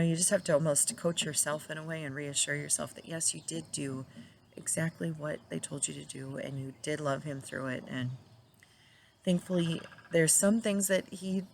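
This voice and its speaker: Low-voiced middle-aged woman talking tenderly. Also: steady tone, moderate pace, gravelly, slight background noise. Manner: tender, reflective, laughing now and then. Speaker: widow sharing her grief journey. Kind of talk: casual personal talk to camera.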